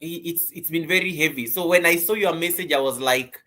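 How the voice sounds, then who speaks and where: Bright-voiced man hosting a live class. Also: fairly high pitch, brisk. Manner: chatty, greets viewers by name, teasing. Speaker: live-stream host and YouTube coach. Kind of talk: casual live-stream class.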